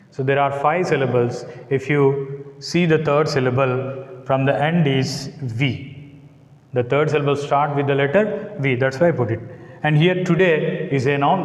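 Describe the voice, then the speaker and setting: A man's voice: fairly high pitch, roomy sound, in a large hall, low-quality recording. A man with an Indian English accent, giving a classroom lecture as a college English teacher, spelling out letters and checking with his students. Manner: slow and deliberate, spells out letters, checks with "got it?".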